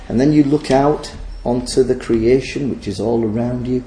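A man's voice: medium pitch, normal speed, dark tone, echoey room, a little hiss or hum, rough recording. A man preaching a sermon, emphatic and pleading in his appeals.

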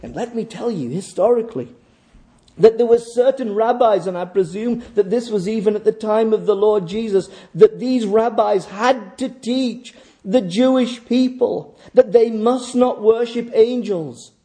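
A man preaching a sermon in a measured, emphatic way, pausing deliberately between phrases. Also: high-pitched, dark tone.

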